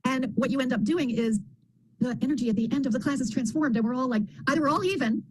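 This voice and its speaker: A woman program member telling stories on a group video call, animated and acting out the voices she quotes. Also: high voice, fast talker, breathy edge.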